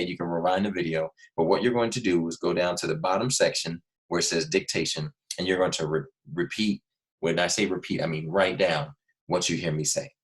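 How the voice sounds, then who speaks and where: A man teaching a recorded lesson to young students, explaining patiently and repeating key points slowly. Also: low voice.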